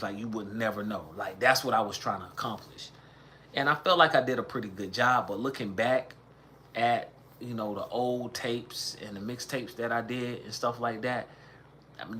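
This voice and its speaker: A man's voice: mid-range voice, sharp tone, a little hiss or hum. A man in his thirties from the American South with a light Southern accent, casually telling his story to a livestream chat in a rambling, conversational way. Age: 30s. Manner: rambling, conversational, with chanted bits of old raps.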